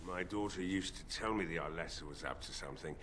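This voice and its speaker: A man voicing a gruff, bitter old village blacksmith who is drunk, with a weary drinker's drawl, in a video game. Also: deep voice, fast, background noise, lightly acted. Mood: brooding. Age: older.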